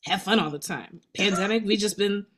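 A woman co-hosting a podcast, talking in a chatty, animated way and laughing often. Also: medium pitch, a little fast. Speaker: podcast co-host. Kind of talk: casual conversation.

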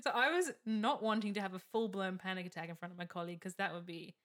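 A woman's voice: medium pitch, fast. A young woman, co-hosting a casual chat and telling a story with lots of laughs and acted-out quotes. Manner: animated, laughing storyteller who acts out quotes.

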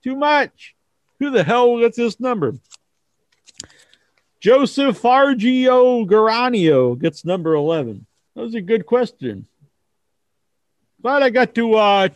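A man hosting a casual wrestling talk show, rambling and profane, acting out kids in squeaky voices. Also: very animated, a little slow, creaky, dry recording. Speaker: host.

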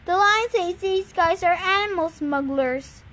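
A woman reading aloud and voicing a nervous, gentle young satyr boy who speaks urgently. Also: very high-pitched, measured pace, voice pushed up.

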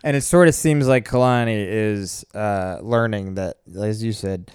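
A man's voice: lowish voice, measured pace, darkish tone, smooth, no room sound, studio quality. A man co-hosting a casual podcast chat, blunt and wry. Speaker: podcast co-host.

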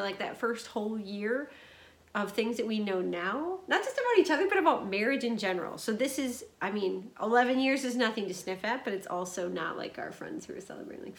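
A woman in her thirties co-hosting a podcast from a cabin, chatty and animated, recorded through wireless earbuds. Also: mid-range voice. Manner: chatty, animated, quick to laugh. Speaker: podcast co-host. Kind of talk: casual podcast chat. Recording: roomy echo.

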